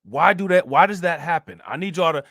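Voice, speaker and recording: A man's voice: a little high, a little fast, fairly bright tone, dry recording, clean studio sound. A man hosting a commentary channel, talking to his viewers in an emphatic, heated way, full of rhetorical questions. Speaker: reaction channel host.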